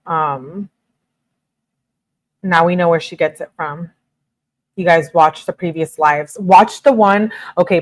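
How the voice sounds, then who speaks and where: Host brief: young woman, lowish voice, reads texts aloud flatly with running commentary. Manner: plain matter-of-fact reading, frequent "and she says". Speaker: true crime channel host. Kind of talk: reading text messages aloud with commentary.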